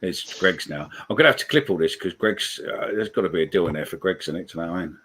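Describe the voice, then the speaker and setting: A man's voice: low-pitched, quick pace, a bit bright, husky. A man, hosting a live call-in podcast, swearing freely as he reads out comments. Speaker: podcast host.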